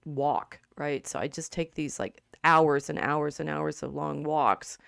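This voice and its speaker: A middle-aged woman chats on a livestream in a low-pitched voice, her sentences breaking off and restarting as grief pushes her close to tears. The sound is dry and close. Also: gravelly, a bit bright, clear, resonant tone, dry recording. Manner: halting, many restarts, tearful. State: grieving, near tears. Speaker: co-host. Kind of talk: casual livestream chat.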